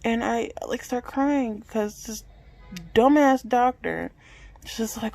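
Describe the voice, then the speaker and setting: A woman's voice: fairly high pitch, slow, gravelly, darkish tone, low-quality recording. A woman in her late twenties talking candidly and emotionally to her phone camera at home, swearing freely. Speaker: vlogger. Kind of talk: personal talk to camera. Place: at home indoors.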